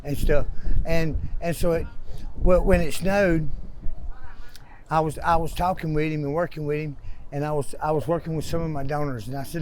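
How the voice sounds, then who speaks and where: A man's voice: on the high side, steady tone, moderate pace, darkish tone, slight background noise. An American man telling his own story in a park, rambling and repeating words as he goes. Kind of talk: casual storytelling. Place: outdoors in a park.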